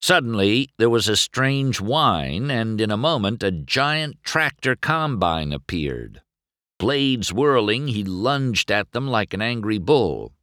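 A man reading a children's storybook aloud as narrator, slow and expressive. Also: lowish voice, dry recording, clean studio sound. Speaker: audiobook narrator. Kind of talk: scripted narration.

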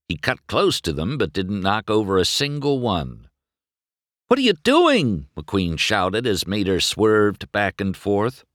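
A man narrating a children's storybook aloud in a slow, expressive storytelling manner. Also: fairly low pitch, no room sound, clean studio sound.

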